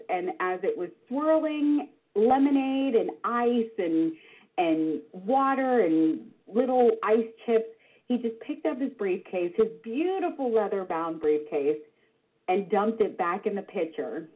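A woman in her forties tells a funny story about herself, animated and self-deprecating. Her husky voice swoops widely up and down. It comes through a thin, phone-like line. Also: medium pitch. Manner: animated, self-deprecating, with vivid sound words. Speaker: regular storytelling contributor. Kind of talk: personal anecdote told to listeners. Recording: tinny phone-line sound.

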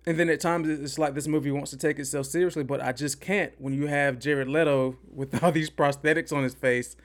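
A man's voice: fairly high pitch, fairly even intonation, a little fast. A man hosting a podcast, giving an opinionated, rambling movie review and repeating himself for emphasis. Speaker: podcast host. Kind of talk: casual movie review rant.

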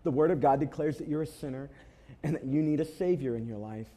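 Fast-talking and fairly high-pitched, a pastor preaches to the congregation in his church. His sermon centers on an animated story, with emphatic repetition used to drive the points home.

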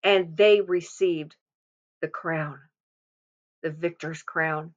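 A woman's voice: sits low, steady tone, slow. Earnest woman giving a devotional testimony. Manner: earnest, emphatic, repeats phrases for stress. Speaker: devotional speaker. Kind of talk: personal testimony and exhortation. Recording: dull lo-fi sound.

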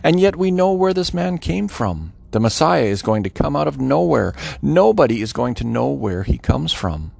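A man's voice: medium pitch, very animated, normal speed, gravelly, few pauses, a little mellow, no echo. A man reading scripture aloud with a dramatic, varied delivery, voicing the quoted speech. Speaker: scripture reader.

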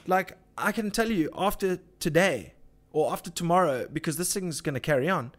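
A man's voice: a little high, expressive, a little fast. A man, hosting a casual livestream, ranting with swearing and lots of filler words. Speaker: livestream host.

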